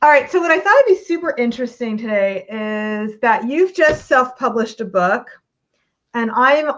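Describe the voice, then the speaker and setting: A woman hosting a podcast, speaking a little higher than most, with a playful, teasing manner and quick asides. The audio is a bit dull and lo-fi. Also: expressive, fairly bright tone, slight background noise. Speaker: podcast host. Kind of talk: casual interview chat.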